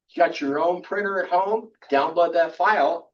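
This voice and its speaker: A man's voice: fairly high pitch, normal speed. An older man talks a camera club through a casual workshop, rambling along with lots of restarts and fillers. He is picked up from well back in the room. The sound is dull and muffled. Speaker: photography instructor. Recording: distant, dull room recording.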